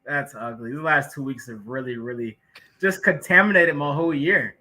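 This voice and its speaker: A man's voice: mid-range voice, normal speed, bright, forceful tone, low-quality recording. A man co-hosting a sports podcast in casual chat, laid-back and self-deprecating. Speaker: podcast co-host.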